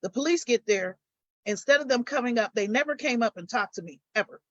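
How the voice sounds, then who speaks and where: An older woman, a guest on a live stream, recounting her own story and getting animated as she retells arguments. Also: on the high side, a little fast, dry recording, dull audio.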